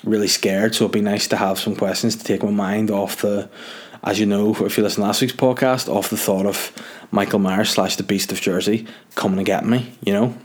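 Young Northern Irish man, slightly low voice, for a loose, self-mocking solo podcast monologue. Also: fairly even intonation, fairly quick. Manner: rambling, jokey, self-mocking. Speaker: podcast host. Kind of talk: casual solo chat.

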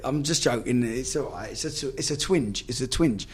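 A man's voice: mid-range voice, lively intonation, moderate pace. A man, a former footballer, telling stories in casual chat, swearing freely and acting out the dialogue.

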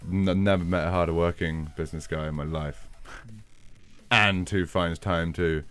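A British man with a low, deep voice talks casually as a guest producer. He laughs often and swears freely. Faint music plays underneath. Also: steady tone, moderate pace, fairly bright tone, smooth. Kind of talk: casual interview chat.

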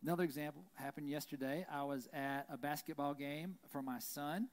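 A pastor delivering a sermon in a loose, conversational way, checking in with "right?" after his points. He tells stories with lively, animated energy. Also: a little high, fairly quick. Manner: conversational, frequent "right?" tags, animated storytelling. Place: church.

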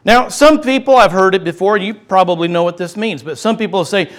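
Middle-aged male pastor, high tenor, passionate sermon delivery that drops to a hush. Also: fairly quick, few pauses. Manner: impassioned, swings from loud to hushed.

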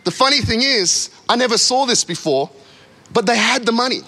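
A man's voice: extremely high pitch, expressive, normal speed, bright, forceful tone. A man preaching a sermon as a pastor, with frequent "come on" interjections and acted-out quotes. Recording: long hall reverb.

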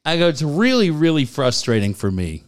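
A man's voice: fairly high pitch, very animated, normal speed. A man in his forties telling a long family story in casual chat, laughing often and repeating "I go".

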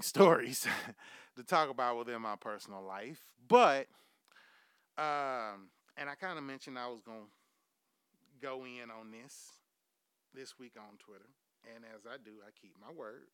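A man's voice: mid-range voice, bright, forceful tone, clean tone, no echo, studio quality. A man hosting his own podcast, delivering a profane comic monologue and laughing at his own jokes. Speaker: podcast host.

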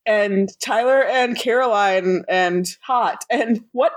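A woman's voice: fairly high pitch, slow pace, no echo. An American woman co-hosting a podcast, chatting casually about a TV show, giggly and full of fillers. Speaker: podcast co-host. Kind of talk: casual recap chat.

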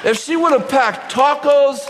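Preaching a funny sermon to a live audience in a big church hall, a man with an extremely high voice laughs frequently and acts out his story's dialogue in quick voices. The recording echoes through the hall, with faint audience sounds and noise.

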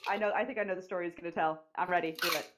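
A young woman with a low-pitched voice hosting a casual podcast. She reads out listener questions in a giggly, teasing way. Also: steady tone, very fast, noisy background. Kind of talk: casual chat.

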